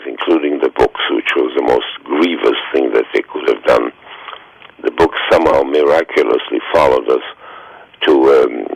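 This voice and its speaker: A man in his nineties with a very deep, gravelly voice, telling stories slowly and haltingly on a radio interview. He comes through a dry phone line with no room around him. His sentences wander and restart as he talks. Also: dry recording. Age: 90s. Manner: slow, halting storytelling with many fillers. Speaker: guest.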